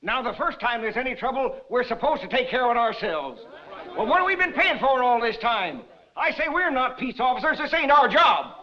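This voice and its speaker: A grumbling, high-voiced townsman. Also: expressive, a little fast, pushed and bright, full character voice. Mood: complaining. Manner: complaining, argumentative. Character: grumbling male townsman refusing to fight. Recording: lo-fi 1950s film soundtrack.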